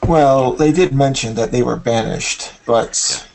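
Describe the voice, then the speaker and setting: A man's voice: medium pitch, a little slow, vocal fry, darkish tone, slight background noise, poor audio. A man taking part as a player in a tabletop game, speaking earnestly and partly in character.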